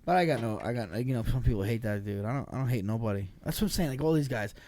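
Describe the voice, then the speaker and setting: A man from New Jersey, a former football player guesting on a podcast, telling stories in a swearing, animated, stumbling way. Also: mid-range voice, no room sound. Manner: profane, animated storyteller with quick restarts. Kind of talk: casual storytelling chat.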